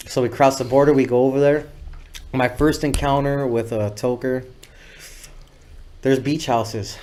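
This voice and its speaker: A man telling stories as a podcast guest, laid-back and rambling, swearing freely and filling pauses with "uh" and "you know what I'm saying". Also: mid-range voice, fairly even intonation, darkish tone. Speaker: music video director, podcast guest. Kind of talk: casual storytelling interview.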